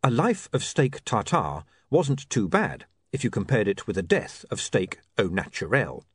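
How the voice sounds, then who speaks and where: A man narrating an audiobook in a wry, measured storytelling manner. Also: fairly low pitch, wildly swooping pitch, breathy edge, dry recording. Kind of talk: scripted narration.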